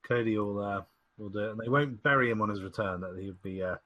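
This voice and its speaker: A man co-hosting a casual podcast, telling stories in an animated, rambling way with plenty of fillers. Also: on the low side, fast. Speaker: podcast co-host. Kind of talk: casual wrestling chat.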